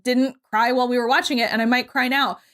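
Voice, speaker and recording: A young adult woman co-hosting a podcast, casually recapping a movie with lively quoted voices and the odd swear word. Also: on the high side, fast talker. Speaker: podcast co-host.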